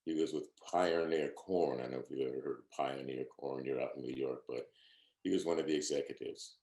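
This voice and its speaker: An older man, an opera singer, looks back on his career in an oral history interview, earnest and humble, often repeating what others said to him. His bass voice is steady, brisk and warm, with a roomy sound. He's at home on a video call.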